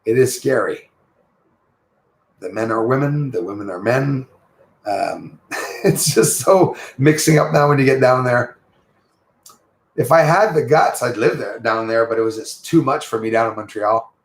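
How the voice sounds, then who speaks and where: A man's voice: mid-range voice, unhurried, long pauses, reverberant. A man from Quebec with a Quebec French accent, hosting a casual livestream, greeting viewers and rambling in a friendly way. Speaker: livestream host.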